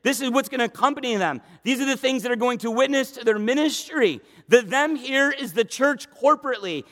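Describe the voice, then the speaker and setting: A man with a strikingly high voice preaches a sermon in a church, hammering points through repetition. He races through asides, then slows right down to proclaim. His voice rings with a long hall reverb. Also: a bit bright. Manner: emphatic, repetitive preaching, swings from fast asides to slow proclaiming.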